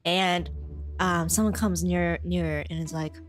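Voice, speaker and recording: A woman's voice: lowish voice, fairly even intonation, a little slow. A woman narrating a tabletop role-playing game as game master, often breaking into giggles and using lots of fillers.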